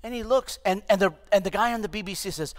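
A pastor in his fifties preaching an animated, humorous sermon to his church, with asides to the congregation. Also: high-pitched, quick pace. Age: 50s. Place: church sanctuary.

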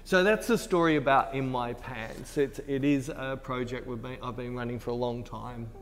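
A man's voice: mid-range voice, moderate pace, long reverb tail, slight background noise. A British man, a photographer, telling a rambling story in casual chat while teaching, laughing easily. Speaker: photographer and tutor. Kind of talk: casual behind-the-scenes chat. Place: photo studio.

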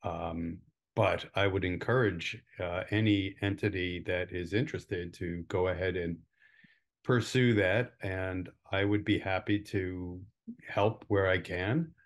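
A man with a low voice speaks slowly and deliberately. He explains a process in a calm, measured way during a webinar call. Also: gravelly. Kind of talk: video call discussion.

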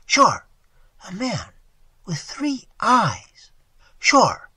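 A reader voicing a terse, excited man who speaks in broken English, clipped and emphatic. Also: sits high, a little slow, husky, no room sound, voice pushed up, full character voice.

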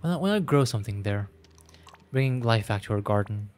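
A man voicing a gentle, patient old grandfather in a game, speaking in a slow, measured, solemn way. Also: lowish voice, animated, lightly acted.

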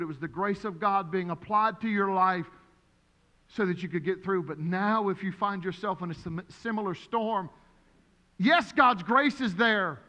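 A man preaching as pastor, emphatic and repetitive, his voice rising to shouts. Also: high-pitched, long reverb tail. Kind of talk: sermon.

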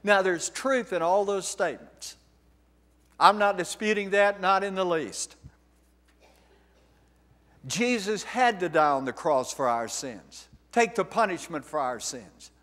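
A man's voice: sits high, lively intonation, measured pace, long pauses, a bit bright. A man preaching a sermon as pastor, emphatic and direct, asking his congregation rhetorical questions. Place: church sanctuary. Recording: long reverb of a church hall.

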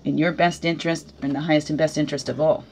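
A woman's voice: low voice, little pitch movement, quick pace, slight background noise. Reflective woman giving a card reading. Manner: reflective, asks many questions, often adds "right?"; gently joking, laughs at herself. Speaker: spiritual teacher giving a weekly oracle card reading. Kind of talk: casual guided card reading. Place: at home.

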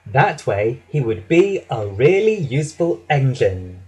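Slow, expressive male storybook reader. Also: medium pitch, breathy edge, poor audio. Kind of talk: children's story narration.

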